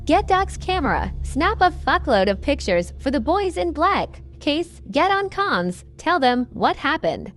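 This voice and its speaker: A woman's voice: high-pitched, sing-song, measured pace, few pauses, heavily acted. A woman reading the lines of a tough male squad leader who gives curt, blunt orders. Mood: commanding.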